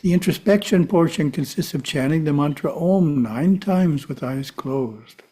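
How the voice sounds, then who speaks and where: Calm guy teaching a spiritual class, warm dark tone, a bit breathy. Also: on the high side. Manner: calm, measured, asides to the listeners. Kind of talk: teaching talk to a live audience.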